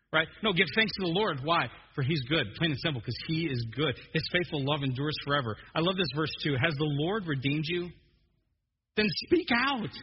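A man preaching a joking, animated sermon as a pastor, stumbling and restarting often. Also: fairly high pitch, fairly quick, husky. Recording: dull muffled sermon recording in a long-echo hall.

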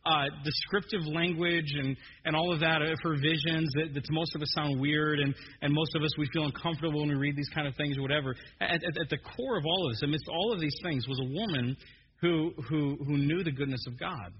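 A man's voice: on the high side, brisk, a little hiss or hum. Man preaching with humor in an echoey hall. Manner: joking, animated preaching with many restarts. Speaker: pastor. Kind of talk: sermon. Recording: dull muffled sermon recording in a long-echo hall.

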